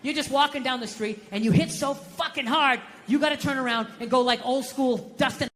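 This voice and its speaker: An American man doing a stand-up routine, ranting sarcastically with profanity and sudden shouts, on a theater stage. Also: very high voice, brisk. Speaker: stand-up comedian. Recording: long hall reverb, faint noise.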